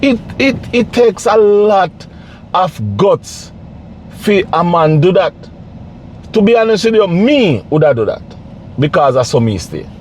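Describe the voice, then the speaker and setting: Pleading man, lively pitch. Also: unhurried, slight background noise. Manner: pleading, repetitive, preachy. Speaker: vlogger. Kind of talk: casual direct-to-camera commentary.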